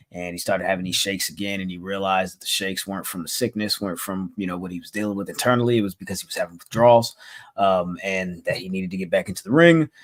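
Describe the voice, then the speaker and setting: A man with a lowish voice talks through the wrestling news in a loose, swearing podcast chat. Every so often he drops into a mocking impression of someone before going back to the recap. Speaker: podcast co-host.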